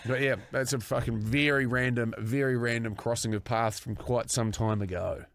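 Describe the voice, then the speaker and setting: A man in his forties from New Zealand co-hosts a casual podcast, spinning a sweary, lively anecdote and acting out what people said. He sits at an average pitch. The studio sound is dry and close, with no room echo. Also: quick pace, vocal fry, few pauses. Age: 40s. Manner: sweary, animated anecdote telling with acted quotes. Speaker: podcast co-host. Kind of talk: casual storytelling chat.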